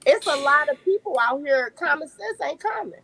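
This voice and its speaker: A woman, a podcast guest telling lively family stories and laughing often. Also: high voice, moderate pace, no echo, poor audio. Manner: animated storyteller, laughs often. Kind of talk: casual podcast chat.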